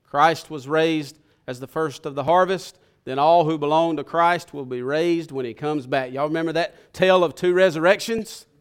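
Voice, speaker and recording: A male pastor preaching a sermon, swelling to loud bursts and then dropping to a hush. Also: on the high side, steady tone, normal speed, few pauses, smooth.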